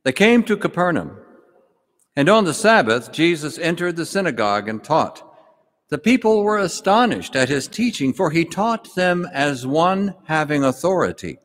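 A man as priest or deacon, reading the gospel and giving an animated homily to children, asking them questions. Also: a little high. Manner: animated storytelling, asks kids questions. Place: church. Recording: long church reverb.

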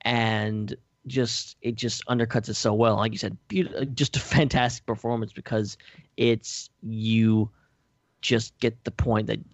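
A man's voice: fairly low pitch, little pitch movement, a little slow, no echo, highs cut off. A man co-hosting a podcast, hesitant and searching for words in casual chat. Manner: hesitant, lots of likes and restarts. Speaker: podcast co-host.

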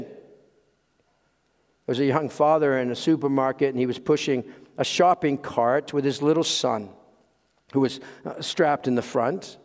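A man preaching a sermon as pastor, swinging from loud emphasis to hushed asides and chuckling at his own jokes. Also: fairly high pitch. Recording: long hall reverb.

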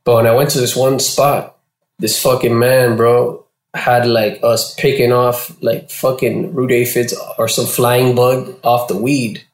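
A man from Florida, a guest in an interview, telling his story casually with heavy slang and swearing, and getting animated when he quotes people. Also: medium pitch, a little slow. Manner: profane and slangy, animated when quoting others. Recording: roomy echo.

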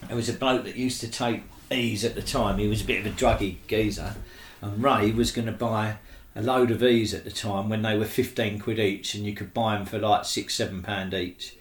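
A man talks in a loose, slangy way and keeps adding "do you know what I mean". His voice sits low. The room around him rings with echo. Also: steady tone, normal speed, hardly any pauses. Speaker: interviewee. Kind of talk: casual storytelling.

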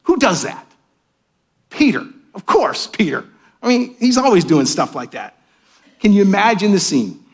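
A man preaching a sermon as a pastor in a church, swinging between raised, emphatic lines and hushed, quiet asides. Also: high voice, very animated, normal speed, pauses often, husky. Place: church sanctuary with cameras.

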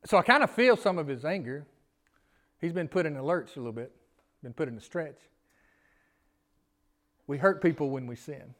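Pastor, high voice, folksy sermon. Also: male voice. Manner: folksy, asks the congregation questions, pleading rises. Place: church sanctuary.

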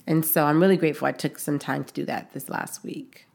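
A woman with a very low voice and a gravelly edge co-hosts a podcast. She talks casually, backing up her partner with quick agreement and easy laughter. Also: steady tone, a little mellow. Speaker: podcast co-host. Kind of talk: casual chat.

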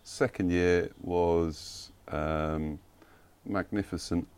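A man who organises events, chatting on a podcast with dry, deadpan humour. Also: deep voice, drawn-out words, smooth. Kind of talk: casual podcast chat.

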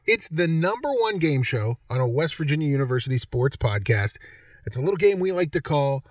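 A man's voice: on the high side, sing-song, brisk, no room sound, clean studio sound, far from the mic. A man hosting a game show segment on a sports podcast, joking and reading quiz questions aloud. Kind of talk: casual podcast banter.

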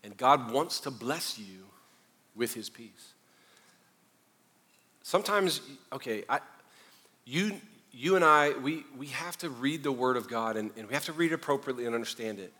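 A man's voice: medium pitch, lively intonation, normal speed, pauses often, pushed and bright, breathy edge. Man preaching with fervor in a reverberant hall. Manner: preaches with rising fervor, conversational asides and self-deprecating humor. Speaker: pastor. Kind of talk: sermon.

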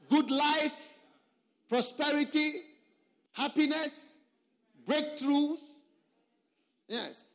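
A man preaching to a room of pastors in a high, sing-song voice that climbs and dips. He hammers points by repeating words and throws questions straight at the audience. His delivery is lively and full of swings. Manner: emphatic, repeats words and phrases for stress. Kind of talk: sermon to a pastors' conference.

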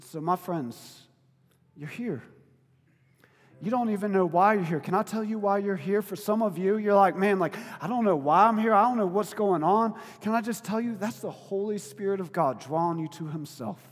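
High-voiced man preaching in a hall. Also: normal speed. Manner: conversational preaching that swings between quiet and loud. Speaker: pastor. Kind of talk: sermon.

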